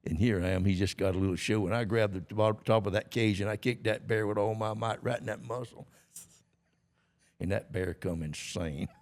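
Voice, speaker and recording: A man's voice: lowish voice, brisk, a little mellow. A man, telling a story as a podcast guest in a folksy, laughing way. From Georgia, USA. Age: 80s. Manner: folksy, laughing often, plain rural grammar. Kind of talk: storytelling in a casual interview.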